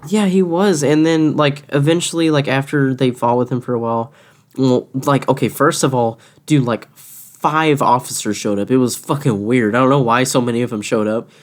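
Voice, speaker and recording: A man's voice: mid-range voice, normal speed. A young man who works as a cashier, casually retelling a run-in with a rude customer, swearing often and laughing between lines. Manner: animated, profane, laughing retelling. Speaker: restaurant cashier. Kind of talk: casual storytelling chat.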